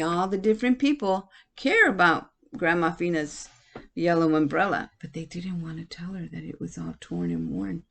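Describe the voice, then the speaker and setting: A woman's voice: lowish voice, creaky, husky. A woman teacher reading a picture book aloud to children. She stops often to ask her listeners questions.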